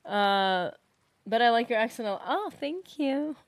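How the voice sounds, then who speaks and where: A woman's voice: a little high, lively intonation, measured pace, no echo. A woman streaming a game live, chatting casually and thinking aloud as she answers her viewers. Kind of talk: casual live-stream chat while gaming.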